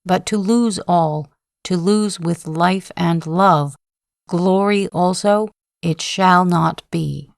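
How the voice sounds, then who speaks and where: A woman reading a proud male general who declaims his defiance in long, solemn oaths, voiced slowly in a lowish register. The delivery is dry and close, with no room sound, as befits a sleep-story audiobook. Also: creaky, dry recording. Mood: impassioned. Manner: declamatory, impassioned oratory at a slow, even reading pace.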